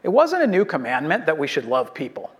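A man's voice: on the high side, huge pitch swings, fairly quick. A man preaching a sermon as a pastor, earnest and exhorting, building on repeated short phrases.

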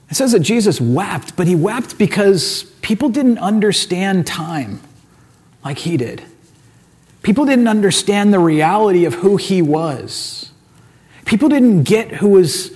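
A male pastor preaching a sermon, retelling scripture stories in an animated, casual way and acting out the characters' lines. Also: a little high.

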